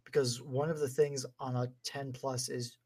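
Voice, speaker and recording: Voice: medium pitch, little pitch movement, moderate pace, mellow, slightly rough. A player at a tabletop game, thoughtful and asking about the rules. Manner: thoughtful, asks rules questions.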